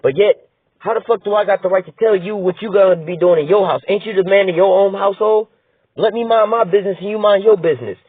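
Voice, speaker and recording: A man's voice: high-pitched, fast, husky. A man giving heated, profane commentary, reading news aloud and asking "all right?" again and again. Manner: blunt, profane, rhetorical, repeats "all right?". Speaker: political commentator. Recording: tinny phone-like dry sound.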